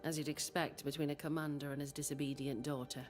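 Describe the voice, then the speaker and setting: An actress playing a calm, measured woman in a video game, heard as game audio with music behind. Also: deep voice, close to an everyday voice. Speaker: game character. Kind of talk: scripted game dialogue.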